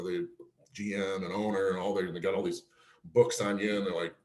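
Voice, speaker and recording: A former pro pitcher from Cleveland telling career stories in a casual interview, laughing often and acting out quotes. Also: male voice, echoey room. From Cleveland, Ohio. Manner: animated storyteller, laughs often, acts out quotes.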